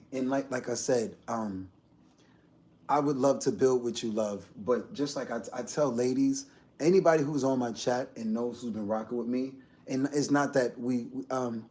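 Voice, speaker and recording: A man hosting a casual livestream, rambling to his viewers and swinging from low mumbles to loud outbursts. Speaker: livestream host.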